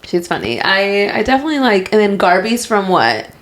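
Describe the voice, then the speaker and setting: A woman's voice: medium pitch, sing-song, a little fast, a bit bright. Giggly young woman podcast co-host. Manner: laughs often, quotes people with playful voices. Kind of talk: casual chat.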